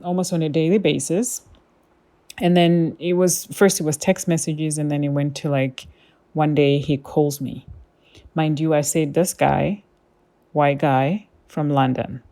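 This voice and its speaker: A woman's voice: low voice, vocal fry, dark tone. A woman hosting a podcast, telling a personal story in a chatty, casual way with lots of fillers. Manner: chatty, with many fillers and quoted asides. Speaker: podcast host.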